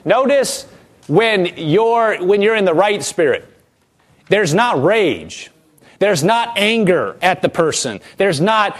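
Male preacher, high voice, animated sermon delivery with acted-out quotes. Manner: animated, acts out quoted voices, reads scripture slowly.

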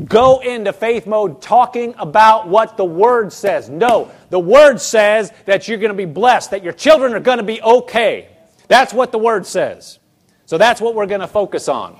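A high-pitched man delivering a sermon, animated and conversational. He stumbles and restarts as he talks straight to his congregation, like a pastor chatting from the pulpit. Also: brisk. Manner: acts out quoted people in his own voice.

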